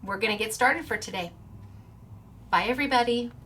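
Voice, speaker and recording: A woman's voice: fairly high pitch, a little fast, fairly bright tone. A woman hosting a craft show in casual chat, bubbly and playful as she announces giveaway winners. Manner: bubbly, playful, stumbles over names with laughs.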